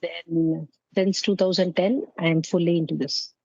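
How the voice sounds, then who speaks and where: A woman from southern India in her fifties, with an Indian English accent, chatting as a Hindi teacher, friendly and measured, laughing often. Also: lowish voice, steady tone, mellow, no echo. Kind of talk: casual conversation. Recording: dry, dull lo-fi call audio.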